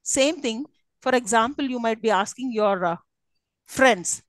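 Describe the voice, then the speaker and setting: A woman's voice: a little high, a little slow, no echo, rough recording. A woman giving a university English lecture, often checking that her students follow. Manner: teacherly, checks understanding often. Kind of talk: classroom lecture.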